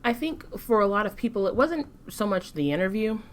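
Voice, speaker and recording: A woman co-hosting a casual commentary chat, speaking in a thoughtful, measured way. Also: mid-range voice, big pitch swings. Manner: thoughtful, measured, some restarts. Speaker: co-host.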